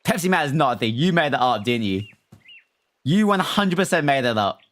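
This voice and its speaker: A man's voice: fairly high pitch, expressive, fairly quick, a bit bright. A man streaming live, chatting casually and animatedly with his viewers and reading their messages aloud. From not American. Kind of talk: casual livestream chat with viewers.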